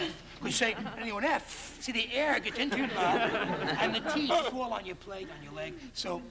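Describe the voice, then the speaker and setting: A man on a talk show telling a comic story, animated and often adding "see?", with an audience laughing behind him. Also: sits high. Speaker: comedian guest. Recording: crowd noise from 1960s TV. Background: studio audience laughing.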